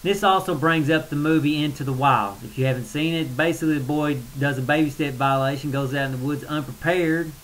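A man's voice: a little high, a little fast, hardly any pauses, a bit bright, rough recording. A man ranting in a blunt, colloquial way in a casual video monologue, getting worked up and then apologizing. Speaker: spiritual vlogger. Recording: faint hiss.

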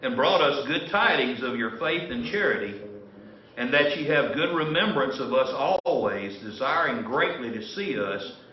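A pastor's sermon fills a church sanctuary, folksy, rambling, and full of restarts. He speaks at medium pitch and a moderate pace with lively intonation, amid slight background noise. The recording is distant, roomy, and dull.

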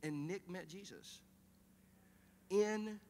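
Middle-aged male pastor, animated joking storyteller, slightly high bright voice, church-hall reverb. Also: takes it slowly, a little hiss or hum. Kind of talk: sermon with storytelling. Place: church auditorium.

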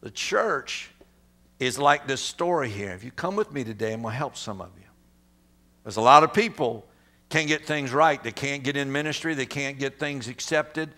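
A middle-aged man, a pastor, preaching a sermon and telling a story with animated sound effects and acted-out quotes. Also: mid-range voice, normal speed.

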